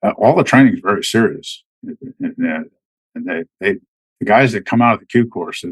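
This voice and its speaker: A man's voice: lowish voice, animated, normal speed, husky, dry recording, rough recording. A middle-aged man, a military veteran, telling stories as a podcast guest in a rambling way, full of restarts and fillers. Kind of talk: casual storytelling.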